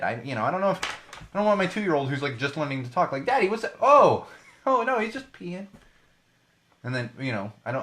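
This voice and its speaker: Podcast host, thirties, male; sarcastic live-feed commentary, breaks into laughs, loudness swings up and down. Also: mid-range voice.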